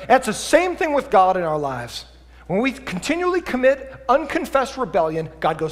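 A man preaching a sermon as pastor, lively and conversational, swinging between quiet asides and loud emphatic bursts. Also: very high-pitched, moderate pace, big-room sound. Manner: animated preaching, drops to a quiet voice for acted asides then climbs loud. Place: church sanctuary.

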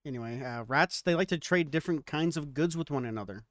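Man, podcast host, casual chat, jokey, laughs a lot, slightly higher voice. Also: fast, dry recording, clean studio sound. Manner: laughs often, crude joking.

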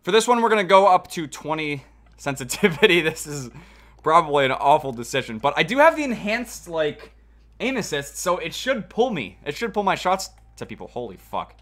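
A young man commentates his own shooter match live for viewers, excitable and quick to swear. His voice is bright and swings widely in pitch, sitting a bit higher than most men. Gunshots from the game rattle behind him. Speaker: streamer. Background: gunfire from the game.

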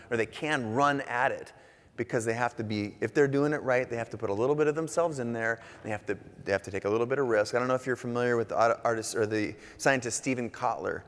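A man speaking from a conference stage in a relaxed, joking way, with sudden bursts of energy. His voice sits at a middle pitch. A long hall reverb trails every phrase. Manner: casual, animated, jokey, swears now and then. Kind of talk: conference talk.

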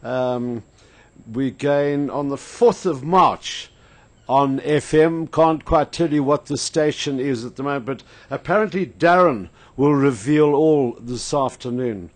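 A man's voice: mid-range voice, takes it slowly, no room sound. Older South African man, rambling radio host. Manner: rambling, anecdotal, frequent fillers. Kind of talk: casual radio chat and storytelling. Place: radio studio.

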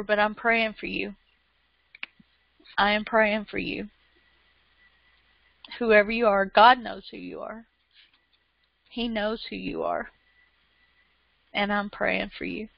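Lady preaching online, slow and emotional, dry close sound. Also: mid-range voice, creaky, dry recording. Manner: fervent, emotional, laughs through tears, repeats phrases. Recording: dull lo-fi sound.

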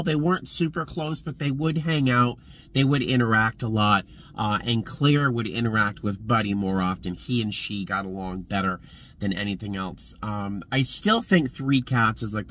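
A man chatting casually in a vlog from his car, expressive and talkative, with loud bursts now and then. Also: mid-range voice. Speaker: vlogger. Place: in a car and around a parking lot.

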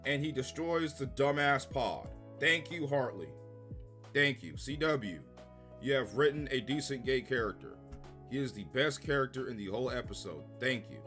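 A man giving a casual, profane, sarcastic review of a TV episode, exasperated and given to loud bursts of laughter. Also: medium pitch, expressive, normal speed, soft background music. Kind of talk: casual ranting review commentary.

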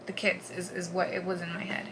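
A woman's voice: fairly low pitch, completely flat delivery. Woman telling a hard story, noisy recording. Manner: earnest, halting, swings between hushed and forceful. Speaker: vlogger. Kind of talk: personal storytelling.

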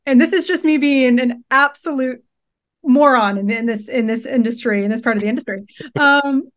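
Woman, interview host, high voice, chatty, rambling questions. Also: moderate pace, fairly bright tone. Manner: chatty, self-deprecating, hesitant with fillers. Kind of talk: casual interview.

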